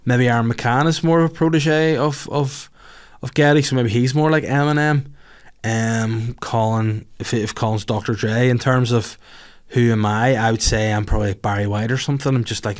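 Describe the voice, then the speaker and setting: A middle-aged man with a Northern Irish accent, hosting a podcast and ranting comedically through listener questions, sweary and deadpan. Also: medium pitch. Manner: sweary, deadpan, escalating rants. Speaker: podcast host.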